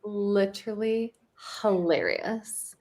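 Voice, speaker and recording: A woman's voice: medium pitch, steady tone, takes it slowly, darkish tone. A woman co-hosting a casual chat, reacting to stories and reading viewer comments aloud. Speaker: co-host.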